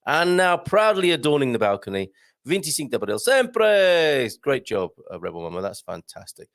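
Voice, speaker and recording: A man's voice: medium pitch, sing-song, normal speed, fairly bright tone, no echo, studio quality. A man hosting a live morning show, chatting casually and joking while reading out viewer comments. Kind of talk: casual live-stream chat.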